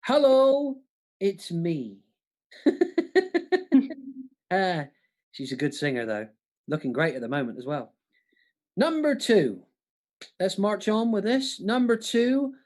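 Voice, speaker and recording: A panto comic co-hosting a livestream music quiz, jokey and chatty, often stumbling and restarting. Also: male voice, high voice, expressive, a little slow, pauses often.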